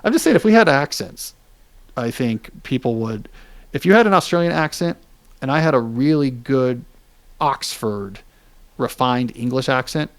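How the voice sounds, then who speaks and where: A man's voice: medium pitch, lively intonation, normal speed. A man in his forties hosting a podcast, explaining ideas in casual chat with joking asides. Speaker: podcast host.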